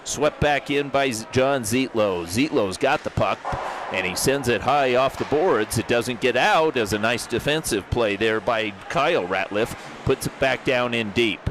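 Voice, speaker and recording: A man doing live play-by-play of an amateur hockey game, brisk and jokey, rising to shouts on big plays. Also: mid-range voice. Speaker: play-by-play commentator. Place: hockey arena broadcast booth. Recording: rink commentary with loud crowd and arena noise.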